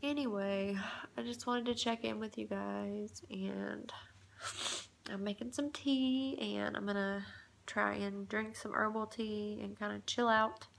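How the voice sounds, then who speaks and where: A woman in her thirties talks softly into her phone camera in a home kitchen, tearful and hushed so she won't wake her sleeping child. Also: mid-range voice, fairly even intonation, measured pace, vocal fry. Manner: soft, hushed to avoid waking a child. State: tearful, close to crying. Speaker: vlogger, mother. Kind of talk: casual vlog.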